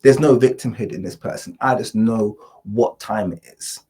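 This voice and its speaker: Male vlog host with a husky voice, speaking emphatically and combatively from a home studio. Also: fairly low pitch, moderate pace, dark tone. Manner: emphatic, repetitive and confrontational. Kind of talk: opinion commentary vlog.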